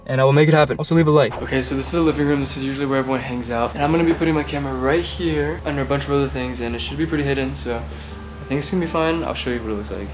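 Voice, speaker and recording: A young man narrating a prank vlog casually, chatty and self-mocking. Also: medium pitch. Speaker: vlogger. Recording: faint background music.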